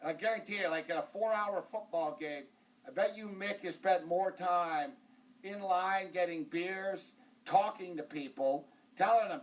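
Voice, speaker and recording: Rambling, joking sports show host. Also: male voice, sits high, measured pace, far from the mic, dull audio. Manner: rambling, joking, full of fillers like "like" and "uh". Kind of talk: casual sports talk show banter.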